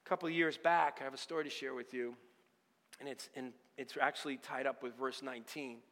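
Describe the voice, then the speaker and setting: A man's voice: mid-range voice, steady tone, a little fast, fairly bright tone, in a large hall. A male pastor telling a personal story in a sermon, talking conversationally and acting out the dialogue. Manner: conversational, retells events with quoted dialogue.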